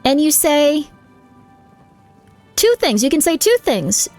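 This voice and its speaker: Woman streamer w a high voice just rambling advice to chat, lots of "like", quiet music in the back. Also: big pitch swings, takes it slowly. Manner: rambling, candid advice full of "like", reacting to chat. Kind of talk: casual chat with viewers during a live game stream.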